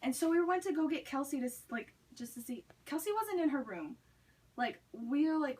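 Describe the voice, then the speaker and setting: A young woman with a high voice tells a story, chatty and loose, dropping "like" into nearly every sentence. She sounds set back from the microphone, as if recorded from across a room. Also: animated, normal speed, a little mellow. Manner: chatty, many "like" fillers. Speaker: student speaker. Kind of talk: storytelling speech. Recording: recorded from a distance.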